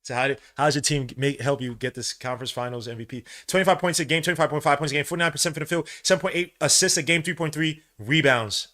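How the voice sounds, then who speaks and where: Bright-voiced excitable New host, sports watch-along, slangy, mutters then cheers. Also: male voice, fast, hardly any pauses. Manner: excitable, swings from low mutters to loud cheering; casual slang, calls listeners bro and son. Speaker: podcast host.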